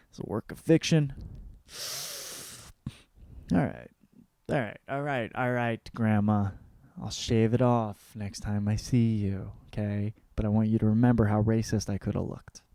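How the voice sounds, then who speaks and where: Profane rambling comedian with a dry sound. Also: male voice, fairly low pitch, fairly even intonation, a little slow, creaky, long pauses, no room sound. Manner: profane, rambling, jumps between mumbled asides and loud rants. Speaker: comedian and podcast host.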